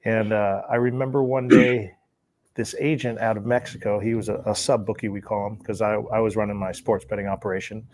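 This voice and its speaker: A man's voice: lowish voice, a little fast, a little hiss or hum. A man, a former sports bookie, casually telling a long story and acting out the dialogue he recalls. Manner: relaxed, acts out quoted dialogue, chuckles between lines.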